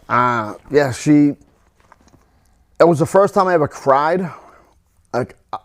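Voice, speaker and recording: A middle-aged man, a podcast guest, telling a painful personal story in a halting way, full of restarts and fillers. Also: on the high side, lively intonation.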